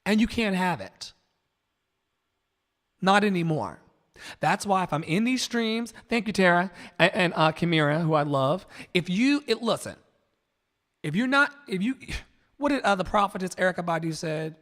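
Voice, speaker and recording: Man hosting a livestream, high voice, preachy monologue, swings loud and soft, long hall reverb. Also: moderate pace. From Virginia, US. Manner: preachy, animated, swings between soft asides and loud outbursts. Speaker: livestream host.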